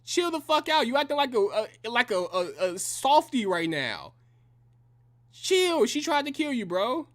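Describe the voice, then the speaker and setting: A man's voice: extremely high pitch, sing-song, a little slow, fairly bright tone, heavily acted. A man voicing a blunt young male swordsman who scolds a boy in an exasperated, profane way.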